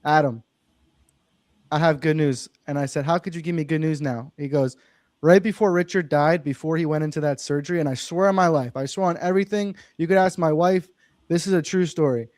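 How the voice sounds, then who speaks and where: A young real estate investor with a fairly high, darkish voice speaks briskly in clean studio sound with no echo. As a podcast guest, he tells a personal story earnestly and emphatically, swearing it's true.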